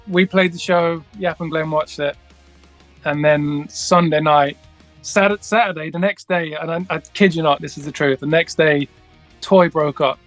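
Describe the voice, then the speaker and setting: With a fairly high, slightly bright voice, a male guest musician rambles through a long story during a relaxed interview. He keeps restarting and performs the dialogue himself.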